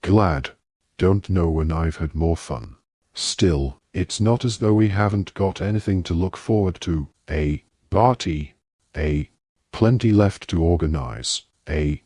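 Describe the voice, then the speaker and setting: A man voices a jovial, blustering middle-aged official in an audiobook. He speaks in a deep, breezy, comfortable voice, on a dry, close recording. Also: slow pace, warm tone, husky, no echo, exaggerated voice.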